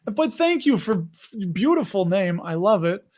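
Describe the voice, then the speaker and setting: A man's voice: high-pitched, sing-song, moderate pace, a little mellow. A man hosting a casual livestream, reading viewer comments and chatting loosely with frequent laughs. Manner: chatty, laughs often, self-deprecating. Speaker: livestream host reading chat. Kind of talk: casual live chat.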